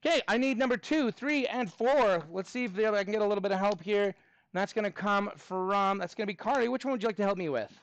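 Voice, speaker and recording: Upbeat male math teacher with a high voice, counts steps aloud and thinks out loud, dry close recording. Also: quick pace, no room sound, highs cut off. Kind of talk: live class review lesson.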